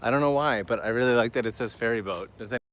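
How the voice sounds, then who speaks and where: A man's voice: medium pitch, quick pace, fairly bright tone. Enthusiastic man live-streaming a seaside walk. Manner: enthusiastic, chatty, reads viewer messages aloud. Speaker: travel vlogger hosting a live stream. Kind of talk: casual live-stream walking commentary. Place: outdoors on a seaside island path.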